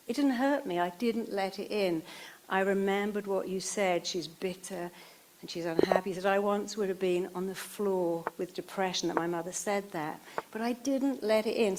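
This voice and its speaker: A woman speaks to a live audience, moving between advice and little stories. She acts out the people she quotes, and her pitch sits in an ordinary middle range. A steady background noise runs under the recording. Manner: animated storyteller, puts on quoted voices. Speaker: speaker giving a talk on stage. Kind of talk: motivational stage talk with acted-out anecdotes. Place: stage before a live audience.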